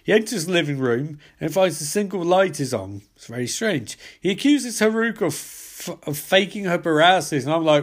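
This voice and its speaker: Young guy recapping a movie, swears a lot, sarcastic, voice on the higher side. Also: big pitch swings, a little fast, few pauses. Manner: profane, sarcastic asides. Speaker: film reviewer.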